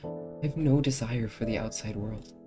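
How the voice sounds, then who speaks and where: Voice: mid-range voice, normal speed, music in the background, close to an everyday voice. A streamer voicing a lonely girl who pleads and begs others to stay with her, reading game dialogue aloud. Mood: longing. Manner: begging, clingy.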